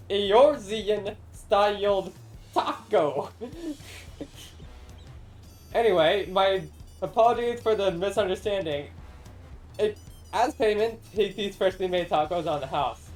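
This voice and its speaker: A woman's voice: mid-range voice, expressive, slow, pauses often, a little mellow, soft background music. Brief: woman reading as a friendly taco-stand cook for a game stream, chatty and upbeat. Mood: cheerful. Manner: chatty, friendly, laughs at her own slips.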